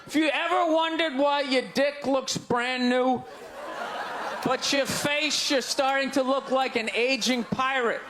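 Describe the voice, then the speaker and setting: A man doing a stand-up comedy set, ranting and incredulous with loud outbursts. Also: extremely high pitch, steady tone, a little slow, a crowd in the background. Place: comedy stage before a live audience. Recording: live club audience laughter and room noise.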